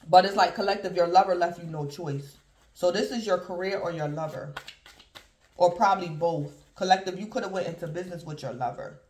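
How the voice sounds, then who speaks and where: A man's voice: high-pitched, normal speed, long pauses, darkish tone, slight background noise. A man giving a casual, rambling tarot reading to his viewers, addressing them again and again as "collective". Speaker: tarot reader. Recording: roomy echo.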